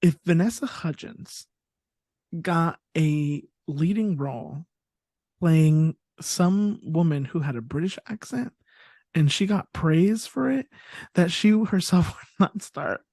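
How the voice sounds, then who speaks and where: A woman's voice: lowish voice, lively intonation, slow pace, dark tone, no room sound, studio quality. A woman co-hosting a podcast in casual chat, rambling, laughing often and restarting her sentences. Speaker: podcast co-host.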